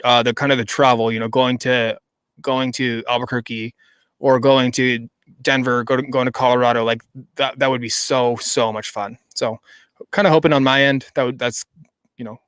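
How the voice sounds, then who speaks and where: A man's voice: medium pitch, a bit bright, dry recording. A man co-hosting a sports podcast in casual chat, enthusiastic and rambling with many restarts. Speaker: podcast co-host.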